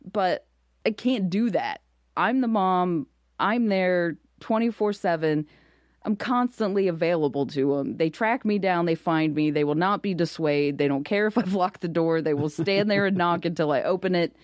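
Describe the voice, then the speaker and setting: A woman comedian in her thirties, a guest on a casual podcast, telling animated stories and laughing often. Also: fairly low pitch, moderate pace, dry recording, clean studio sound. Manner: animated storyteller, laughs often, acts out her kids' voices.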